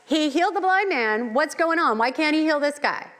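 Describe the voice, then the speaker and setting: A woman voicing a group of indignant, doubting male bystanders in a high, exasperated tone. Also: animated, normal speed, a bit bright. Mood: incredulous. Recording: long hall reverb.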